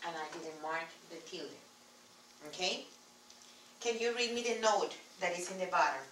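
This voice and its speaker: A woman's voice: on the low side, normal speed, fairly bright tone, a little hiss or hum. A woman teaching a Spanish class in English with a Spanish accent, patiently repeating key words. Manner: patient, repeats key words, writes on board while talking. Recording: echoey classroom from far off.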